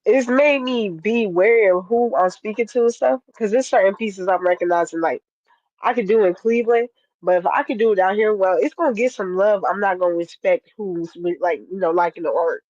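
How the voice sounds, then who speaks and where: A guest poet from Ohio, answering interview questions plainly and then reciting spoken-word poetry with a steady rhythm. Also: medium pitch, brisk, dry recording. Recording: dull lo-fi dry stream audio.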